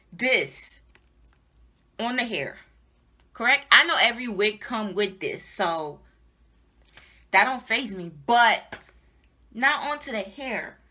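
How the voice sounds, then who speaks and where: Slow-talking, bright-voiced exasperated woman. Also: on the high side, expressive. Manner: exasperated, repeats herself, swears. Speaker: hair reviewer vlogger. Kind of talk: casual ranting product review.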